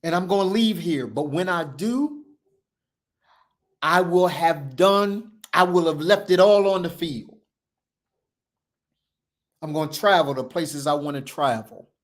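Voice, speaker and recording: A man with a fairly high voice delivers an impassioned motivational talk. He speaks in the emphatic, repeating cadence of a preacher, moving between loud declarations and low, hushed stretches. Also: measured pace, pauses often. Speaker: show host.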